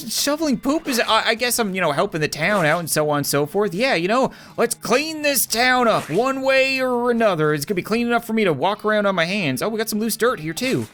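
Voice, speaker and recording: A man narrates his game playthrough in a casual, rambling way, full of quick jokes. His pitch jumps around animatedly, with faint music under the voice. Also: very animated, a bit bright. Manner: rambling, jokey, quick asides. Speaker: gaming video host. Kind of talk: casual let's-play commentary.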